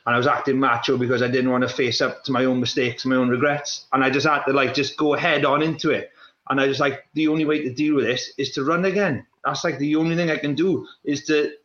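A man's voice: mid-range voice, fairly even intonation, fast talker, fairly bright tone. A man with a South Wales Valleys accent, a guest who tells long, rambling comic stories in casual podcast chat. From Welsh valleys. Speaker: guest, former pro runner. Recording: echoey, dull room sound.

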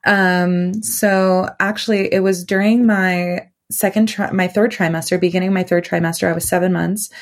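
Gravelly low-voiced woman telling a story. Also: fairly even intonation, moderate pace, hardly any pauses. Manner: loose and rambling, with many fillers like "like". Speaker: podcast guest. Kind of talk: casual personal storytelling.

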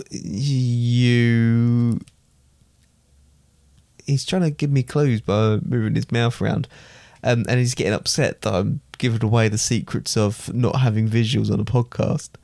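A man's voice: medium pitch, steady tone, slow, gravelly, long pauses, darkish tone, no echo. A man co-hosting a casual podcast, easygoing, guessing aloud with hesitant fillers. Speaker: podcast co-host. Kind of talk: casual chat.

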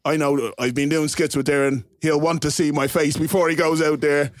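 A man's voice: fairly high pitch, level tone, a little fast, dry recording, studio quality. A man telling a teasing, sweary story in casual banter with friends. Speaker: podcast guest.

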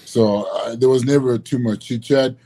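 A man talking casually as a podcast guest, relaxed, laughing often and leaning on "you know" fillers. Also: mid-range voice, normal speed. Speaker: guest, former rugby prop.

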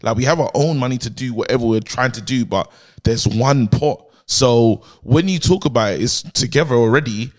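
A man's voice: mid-range voice, normal speed. A married man, co-hosting a comedy podcast in a rambling, earnest way. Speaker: podcast co-host. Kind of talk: casual comedic chat.

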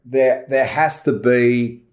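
Animated Australian man in his fifties. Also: slow. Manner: animated, emphatic swings in pitch when making a point. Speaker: guest actor. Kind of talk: casual interview conversation.

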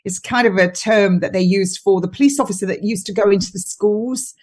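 A woman's voice: medium pitch, a little fast, a little mellow. A woman talking on a podcast as a guest, chatty and mocking, laughing often as she tells stories. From United Kingdom. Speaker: guest nutritionist. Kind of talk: casual podcast chat.

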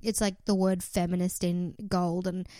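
A woman's voice: lowish voice, little pitch movement, moderate pace, mellow, no room sound. A young woman co-hosting a podcast, chatting casually with dry, sarcastic asides. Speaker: podcast co-host. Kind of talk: casual chat.

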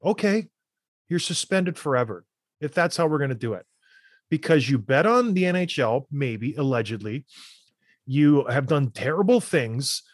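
A man in his thirties hosts a podcast, a former hockey player who gets fired up and hammers his points home. His voice sits a little high for a man. The recording is dry and close, with no room sound. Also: no room sound. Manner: fired-up, emphatic ranting. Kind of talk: casual chat and ad read.

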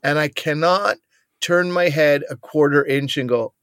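A man's voice: on the high side, a little slow, fairly bright tone, dry recording, studio quality. A man co-hosting a podcast, telling a comic story in a casual chat and acting out other people's lines. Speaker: podcast co-host.

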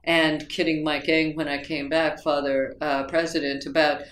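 A low-pitched, slightly bright female voice with a level tone and moderate pace belongs to an American writing instructor. Interviewed about her teaching, she tells reflective stories that ramble, with fillers and restarts, in an echoey room.

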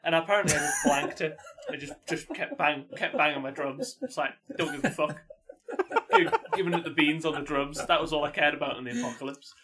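Bright-voiced young man. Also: on the high side, fast talker, hardly any pauses, slightly rough. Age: young adult. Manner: laughs through his stories, chatty. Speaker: podcast co-host. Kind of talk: casual chat.

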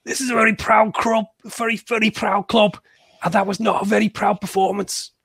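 A man putting on a high, strained voice to play a proud, defensive male football manager with a Scouse accent, speaking insistently and repeating himself. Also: little pitch movement, moderate pace, creaky, fairly bright tone, husky, dry recording, full character voice. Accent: Liverpool (Scouse). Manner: insistent, repetitive.

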